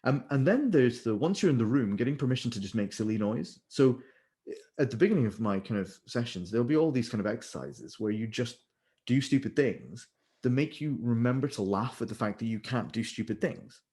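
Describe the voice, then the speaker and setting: A man, a vocal leader, talking in an animated, explanatory way and now and then demonstrating with sung syllables. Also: mid-range voice, a little fast. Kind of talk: conversational interview.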